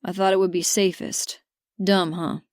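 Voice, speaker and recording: A woman narrator voicing a grumpy young man who speaks softly and earnestly to the woman he loves. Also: fairly low pitch, flat delivery, moderate pace, no echo, studio quality, lightly acted. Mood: tender. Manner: soft, earnest. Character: grumpy young cowboy-type man in love.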